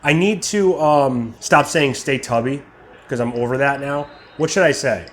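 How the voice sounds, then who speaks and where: A young man hosting his barbecue channel, chatting casually while tasting brisket and sometimes talking with his mouth full. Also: mid-range voice, slight background noise. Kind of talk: casual cooking vlog, tasting and reviewing.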